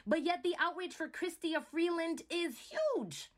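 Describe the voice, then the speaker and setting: High-voiced emphatic woman vlogger. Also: animated, measured pace. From Montreal, Canada. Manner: emphatic, keeps asking "right?". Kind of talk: opinion commentary to camera.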